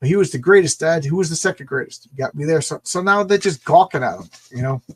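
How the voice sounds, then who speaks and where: An excitable man recaps a comic book in casual chat, often restarting his sentences with a stammer. His voice is husky and sits slightly high. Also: fast. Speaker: comic book podcast co-host.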